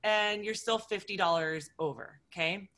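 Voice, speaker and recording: A woman's voice: medium pitch, moderate pace, fairly bright tone. A woman nutrition coach talking through a vivid everyday scenario, acting out quoted inner voices as she goes. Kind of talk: animated storytelling talk.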